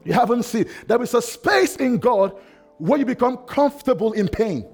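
A male pastor delivers an impassioned sermon in a notably high voice. He swings from shouted cries to hushed, quiet lines. Soft music plays faintly under him. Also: animated, normal speed, creaky, breathy edge.

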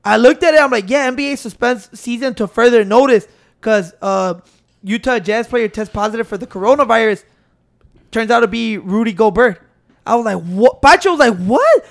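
A man hosting a podcast into a microphone, telling stories in excitable, profane casual chat. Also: extremely high pitch, normal speed, vocal fry. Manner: excitable, swearing, storytelling with restarts. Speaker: podcast host.

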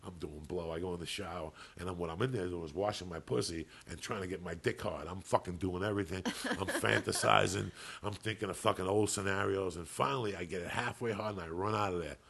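A man with a low, husky, gravelly voice spins a rambling story on a podcast. He talks casually, swears freely, and keeps the tale rolling in an animated way. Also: fast talker, few pauses. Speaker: podcast co-host.

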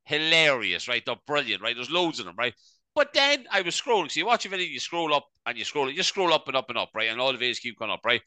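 A man's voice: mid-range voice, big pitch swings, fast, bright, forceful tone, no room sound. A man co-hosting a casual comedy podcast, rambling and tagging "right?" onto his sentences. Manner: rambling, peppers speech with "right?". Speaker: podcast co-host.

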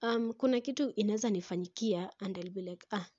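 A young woman, talking casually to camera about relationships in a chatty, animated way. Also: medium pitch, quick pace, no echo, dull audio. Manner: chatty and animated, breaks into laughter, slips into Swahili. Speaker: vlogger.

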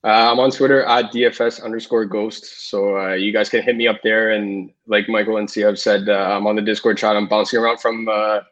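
A man, a podcast guest, giving quick, confident betting tips with lots of fillers. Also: lowish voice, flat delivery, fairly bright tone. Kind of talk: casual podcast chat. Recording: dull lo-fi audio.

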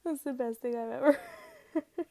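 Chatty woman podcaster, gravelly voice. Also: high-pitched, normal speed, warm tone. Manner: chatty and rambling, full of "I mean" and "you know". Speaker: podcast host. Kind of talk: casual solo podcast storytelling.

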